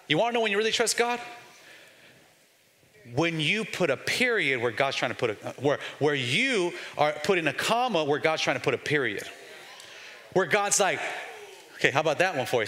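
A man's voice: on the high side, big pitch swings, fairly quick, pauses often, bright, forceful tone. A man in his forties, a pastor preaching to his congregation with emphatic call-and-response. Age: 40s. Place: large church sanctuary. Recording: long hall reverb, faint music underneath.

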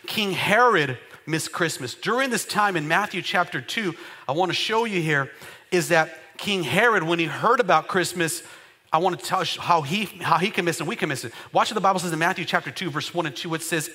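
A man's voice: on the high side, animated, brisk, sharp tone, breathy edge. A man pastor preaching a sermon with emphatic call-and-response to his church.

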